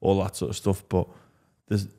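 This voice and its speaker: Lowish Australian male podcast host. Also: monotone, mellow. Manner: chatty, quick to react and laugh. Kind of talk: casual podcast interview.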